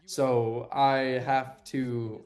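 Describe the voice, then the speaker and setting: A young man from Texas sits in as a podcast guest, telling long stories in easy casual talk. He gets animated and jumps up in pitch whenever he acts out what others said, then drops back to a relaxed, mid-pitched voice. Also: drawn-out words. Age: young adult. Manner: animated storyteller, acts out quotes with a jump in pitch. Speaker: guest, TV sports anchor. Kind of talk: casual interview chat.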